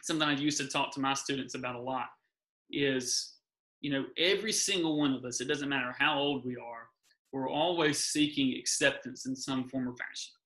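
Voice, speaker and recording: A man's voice: mid-range voice, steady tone, moderate pace, pushed and bright, poor audio. A man speaking as a guest in an earnest, encouraging faith talk, often repeating his key phrases.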